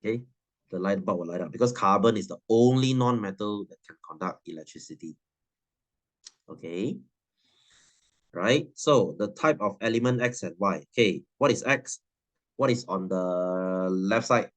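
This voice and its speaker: A man's voice: lowish voice, normal speed, a bit bright. A man, teaching a science class in a chatty, teasing way and laughing often. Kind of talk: classroom lesson.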